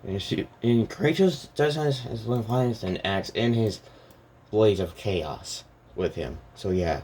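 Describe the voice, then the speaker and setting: A man's voice: lowish voice, animated, a little slow, darkish tone, a little hiss or hum. A man casually talking through a story idea, hesitant and rambling, full of restarts and fillers.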